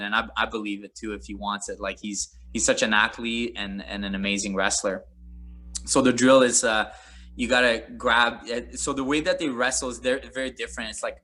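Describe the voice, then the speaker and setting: A man, a former MMA fighter, telling stories in a casual interview, animated and rambling with frequent laughter. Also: mid-range voice. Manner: animated, rambling, laughs often, many fillers.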